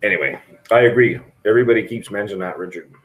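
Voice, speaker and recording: A man's voice: lowish voice, fast, narrow, tinny audio. A middle-aged man chatting frankly and rambling to viewers on a live stream from a restaurant. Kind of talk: casual live stream chat.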